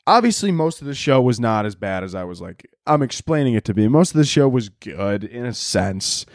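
A man's voice: medium pitch, big pitch swings, brisk, no room sound, clean studio sound. A young man hosting a podcast, ranting in a casual comedic monologue, laughing often, swearing and mocking people in quoted voices. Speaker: podcast host.

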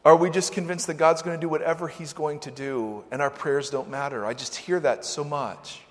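Animated, high-voiced male pastor preaching. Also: moderate pace. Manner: animated and conversational, with sudden swings between loud and soft. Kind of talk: sermon. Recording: long church-hall reverb.

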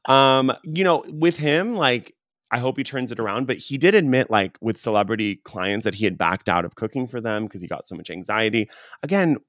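A man's voice: medium pitch, lively intonation, a bit bright, no echo. Gossipy man in a dry room. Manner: gossipy, exclaiming, quick reactions. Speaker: podcast host. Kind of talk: casual podcast chat.

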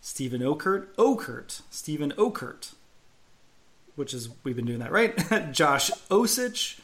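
A man's voice: on the high side, fairly bright tone. A man co-hosting a casual sports podcast, chatty and self-deprecating, working through name pronunciations. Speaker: podcast co-host.

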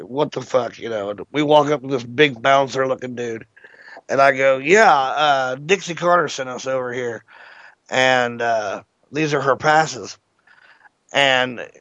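A man's voice: medium pitch, dry recording. A man hosting an internet radio show, telling a long story casually and with plenty of swearing. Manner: profane, animated anecdote teller. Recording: dull lo-fi internet radio audio.

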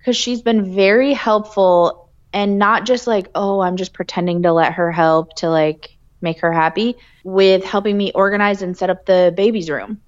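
A woman's voice: medium pitch, fairly even intonation, normal speed, muffled recording. A woman co-hosting a podcast, chatting in an easygoing, agreeable way about her children. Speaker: podcast co-host. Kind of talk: casual chat.

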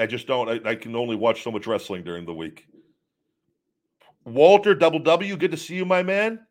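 A man hosting a live show, rambling candidly as he reads out viewer questions and answers them off the cuff. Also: mid-range voice. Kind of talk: casual live-stream chat.

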